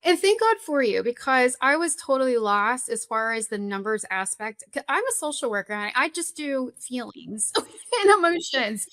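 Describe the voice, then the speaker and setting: A woman's voice: a little high, moderate pace, no echo. A middle-aged woman therapist and social worker in a podcast interview, telling stories expressively and laughing often. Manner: warm, expressive storyteller who laughs often.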